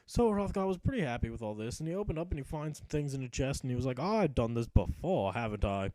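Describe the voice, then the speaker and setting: Young male gamer spinning a profane mock-epic tale over his play; mellow voice, swooping lively delivery. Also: medium pitch, fast, dry recording, rough recording. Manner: profane, sarcastic storyteller voicing his character. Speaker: gameplay commentator. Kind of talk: mock-epic narration of gameplay.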